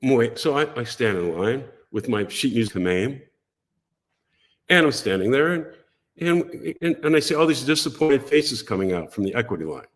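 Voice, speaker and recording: An older man, a guest on a talk show, telling a story with animated storytelling and acting out the voices of the people in it. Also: medium pitch, moderate pace. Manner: lively, acts out voices and quotes in his stories.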